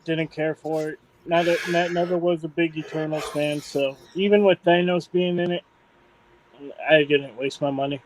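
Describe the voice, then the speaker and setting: A man's voice: on the high side, fairly even intonation, moderate pace, a little hiss or hum, rough recording. A man co-hosting a casual comics podcast with a dry manner. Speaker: podcast co-host. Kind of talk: casual chat.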